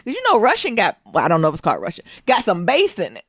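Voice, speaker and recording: Woman co-host, casual storyteller, swears freely, swings her pitch a lot, dry mic. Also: racing, husky, dry recording. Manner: animated, profane, laughs often, acts out quotes. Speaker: podcast co-host.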